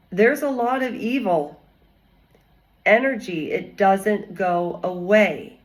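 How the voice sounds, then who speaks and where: Slow, rambling woman vlogger. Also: medium pitch, low-quality recording. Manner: rambling, chatty, digressive. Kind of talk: casual commentary vlog.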